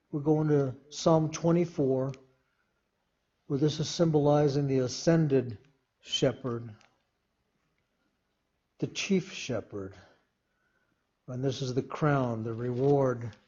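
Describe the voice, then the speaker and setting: A male preacher delivers a sermon at an unhurried pace, leaning hard on each line of scripture before he explains it. His voice is mellow and slightly husky. The recording sounds muffled and lo-fi. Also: mid-range voice. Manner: slow, emphatic reading of scripture with commentary.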